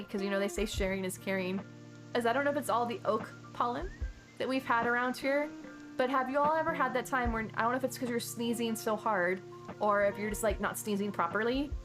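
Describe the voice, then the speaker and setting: A woman streaming a game and chatting casually, rambling along with sudden excited exclamations. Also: a little high. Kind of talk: casual gameplay chat. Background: chill background music.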